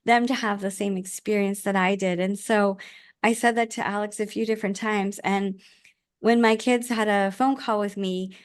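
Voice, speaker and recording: Middle-aged woman, podcast guest, heartfelt and earnest, mid pitch, dry recording. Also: fairly even intonation, moderate pace, dry recording. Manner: earnest, heartfelt, frequent restarts. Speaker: podcast guest, author and life coach. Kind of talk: casual interview conversation.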